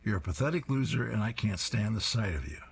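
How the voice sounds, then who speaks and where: A man's voice: on the low side, animated, brisk, gravelly, faint music behind. A man reading a scornful woman. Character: a woman, flustered then sharp-tongued ex.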